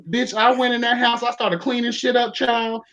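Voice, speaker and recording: A man's voice: very high-pitched, moderate pace, a bit bright. A young man casually telling a story on a talk show, campy and sassy, profane, calling everyone child and honey. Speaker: podcast host. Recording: dull lo-fi sound.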